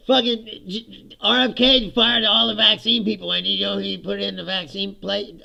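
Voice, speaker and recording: A middle-aged man hosts his own livestream of casual political commentary, venting about the news with sarcasm, swearing, mimicking others and frequently laughing. His slightly high voice is bright, forceful and heavily gravelly, with a steady tone, a somewhat slow pace and dull audio.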